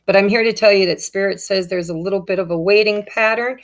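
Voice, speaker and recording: A woman's voice: medium pitch, steady tone, fairly quick, hardly any pauses. A woman giving a casual tarot reading, speaking straight to her viewers in an upbeat, encouraging way. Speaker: tarot reader.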